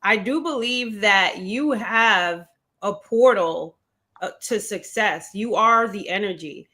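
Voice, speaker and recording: Woman host, bright, forward tone, steady and supportive. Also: medium pitch. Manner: direct, encouraging, measured. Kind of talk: livestream interview.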